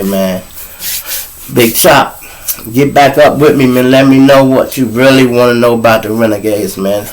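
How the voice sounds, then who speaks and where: A man's voice: mid-range voice, rough recording. A man hosting a podcast, telling a long story in casual, profane talk and acting out other people's words. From Chicago. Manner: animated, profane, acts out quoted voices. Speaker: podcast host.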